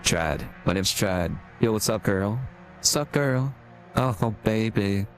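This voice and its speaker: A man's voice: fairly low pitch, lively intonation, slow pace, soft background music. Man using an AI voice for sleazy flirty Chad. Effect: AI voice changer.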